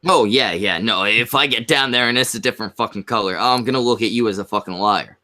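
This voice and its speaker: Stammering foul-mouthed man, bright voice. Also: lowish voice, fast. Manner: stammering, profane, rambling. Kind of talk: crude casual chat.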